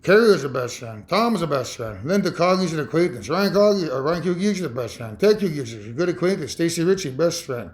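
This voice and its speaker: A man in his fifties talking in a rambling, emotional personal monologue, halting and repeating himself. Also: a little high, expressive. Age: 50s. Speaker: vlogger.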